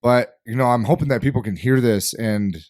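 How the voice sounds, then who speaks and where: A man's voice: medium pitch, fairly quick, darkish tone, dry recording, studio quality. A man co-hosting a casual podcast, emphatic and swearing freely. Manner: profane, emphatic.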